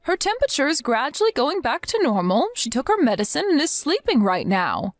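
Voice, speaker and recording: A woman's voice: high voice, wildly swooping pitch, brisk, no room sound. A woman voicing an exhausted young mother in an acted story, pleading and apologetic. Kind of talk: scripted story acting.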